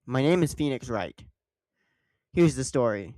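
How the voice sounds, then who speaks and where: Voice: mid-range voice, lively intonation, unhurried, mellow, no echo. A game streamer doing a let's play voice-over, reading the rookie lawyer lines in a nervous voice and joking between them.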